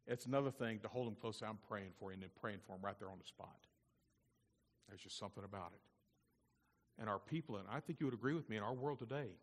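A man preaching a sermon to his congregation, moving from hushed, intimate asides to loud, impassioned passages and turning to the listeners with quick questions. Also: mid-range voice. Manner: addresses the congregation directly with tag questions. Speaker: pastor. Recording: long reverb of a large hall.

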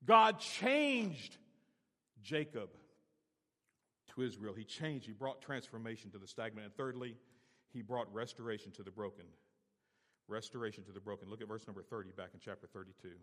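A man preaching a sermon as pastor, repeating key phrases and swinging from quiet to loud. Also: fairly low pitch, animated, normal speed, long reverb tail.

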